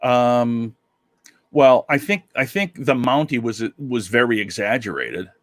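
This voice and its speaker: A man co-hosting a podcast, telling stories in casual chat with many halting restarts. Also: medium pitch, dry recording, studio quality. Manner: storytelling, halting restarts, animated when amused. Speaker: podcast co-host.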